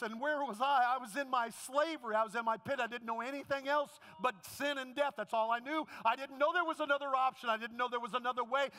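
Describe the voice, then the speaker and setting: A man preaching a sermon as pastor, then leading the congregation in an emotional prayer. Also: extremely high pitch. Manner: impassioned preaching, rising to a shout.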